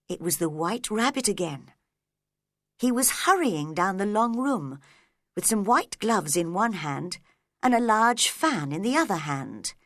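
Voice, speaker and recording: A woman reads a storybook aloud in a gentle narrating voice. She takes her time, lingering on every word, while her pitch moves in a lively, expressive way. The sound is close and dry. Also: dry recording.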